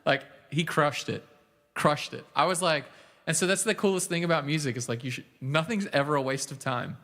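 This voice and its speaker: A man's voice: fairly high pitch, brisk. A man streaming live, chatting casually with his viewers between songs and talking to them by name. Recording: long reverb with loud guitar playing. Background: loud acoustic guitar.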